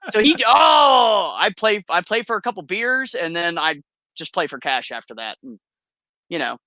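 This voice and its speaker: Bright and animated, this guest shares casual stories, laughing often and performing the voices of those she quotes. She has a lowish voice at normal speed, and the recording is dry with clean studio sound.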